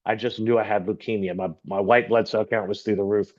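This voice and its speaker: A middle-aged man from Texas giving an earnest, halting personal testimony as a guest speaker, often repeating words as he gathers his thoughts. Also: on the low side, fairly even intonation. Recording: dull lo-fi recording.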